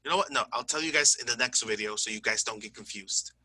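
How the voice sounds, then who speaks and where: Man teaching a grammar lesson, bright tone. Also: medium pitch, fast, husky, no room sound, poor audio. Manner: explaining step by step, checks in with "okay?" and "right?"; self-correcting, says "my bad". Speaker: English teacher. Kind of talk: screen-recorded grammar lesson.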